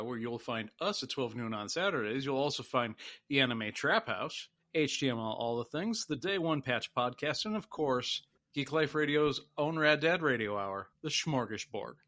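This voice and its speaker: A man co-hosting a casual podcast, dry and deadpan, who also reads the show plugs. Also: medium pitch, normal speed. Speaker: podcast co-host. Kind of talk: casual chat.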